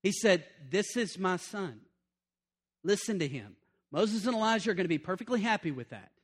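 A middle-aged man preaching a sermon, animated and conversational, repeating points and breaking into asides. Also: high voice, moderate pace, breathy edge.

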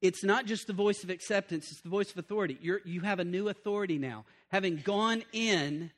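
A high-pitched man delivers a sermon in a lively, conversational way. He repeats key lines, stumbles over restarts, and checks in with his listeners. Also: fairly quick. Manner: animated, conversational preaching with repetition and asides. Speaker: preacher.

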